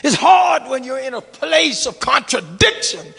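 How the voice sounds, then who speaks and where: In a large church sanctuary, a middle-aged male pastor preaches a sermon in a very high, gravelly voice, sinking to a hush before climbing to a shout as he engages the congregation in call-and-response. His pitch swings hugely, his pace is moderate with few pauses, and long reverb follows every phrase.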